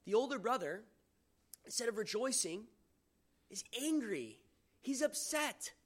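A man's voice: very high voice, very animated, measured pace. Earnest man preaching a sermon. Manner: earnest, conversational, asks the listeners questions; reads scripture aloud with dramatic emphasis.

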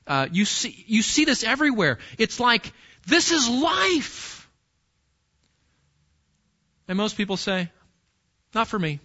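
A male pastor preaching an animated sermon and talking straight to his listeners. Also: high-pitched. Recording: dull lo-fi recording.

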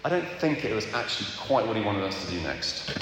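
An earnest man delivers a candid sermon, often pausing to check in with his listeners. His mid-pitched voice rings through a large hall with a long, echoing tail. A steady hum of noise sits underneath. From England. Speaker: preacher. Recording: echoey hall with background noise.

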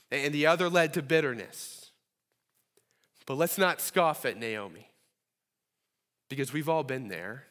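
A man's voice: fairly high pitch, a bit bright, in a large hall. A man preaching a sermon to his congregation, earnest and rising to a pleading tone when voicing prayers. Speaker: pastor. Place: church sanctuary.

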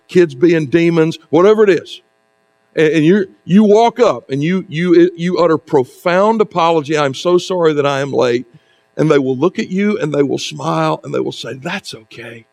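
A man with a noticeably high-pitched voice preaches a sermon as the congregation's pastor. He talks to the room conversationally, with rhetorical asides and dramatic pauses. A faint mains hum sits under the recording. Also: a little mellow.

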